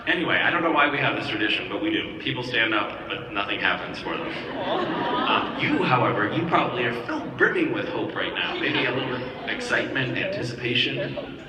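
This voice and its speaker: A man in his forties joking and teasing fans at a live convention panel, with a deadpan delivery. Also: mid-range voice, fairly quick, heavy background noise. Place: large convention hall with audience. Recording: roomy, distant fan recording with loud crowd.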